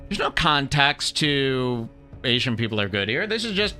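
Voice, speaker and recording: A sarcastic, indignant man hosting a podcast, his voice very bright and cutting as he argues over clips. His pitch swings widely from mocking highs to flat, pointed lows. He talks in a heated commentary style. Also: moderate pace, soft background music. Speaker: podcast host.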